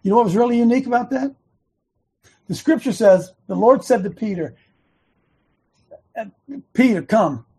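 A man's voice: very high-pitched, fairly quick, creaky, warm tone, husky. A man, known as coach, giving an earnest and emphatic sermon-style devotional talk and repeating his key lines.

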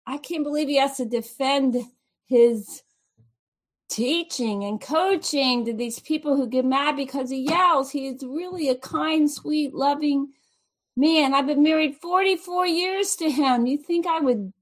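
A woman's voice: sits high, unhurried. A woman in her sixties, the host's wife, who speaks in a spirited, scolding way as she stands up for her husband. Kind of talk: casual on-air chat.

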